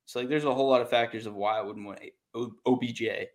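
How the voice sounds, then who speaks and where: A man's voice: medium pitch, fairly even intonation, fast. A young man in casual sports chat, laid-back and hesitant, with many fillers.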